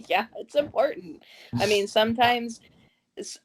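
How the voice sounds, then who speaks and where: A woman's voice: a little high, a little slow, a little hiss or hum. A woman in her thirties hosting a casual interview, chatty, laughing often and restarting her sentences. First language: English. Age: 30s.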